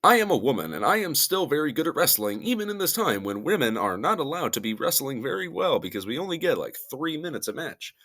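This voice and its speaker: A man doing an exaggerated, mocking impression of a proud woman wrestler, pushing his voice higher. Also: big pitch swings, fast, hardly any pauses, a bit bright, exaggerated voice. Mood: mock-indignant.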